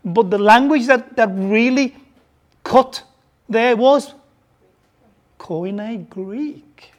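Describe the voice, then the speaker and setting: Speaking in a mid-range voice that draws out its words, this preacher from Birmingham has a softened Birmingham English accent. During his sermon he questions the congregation, frequently repeating words while gathering his thoughts.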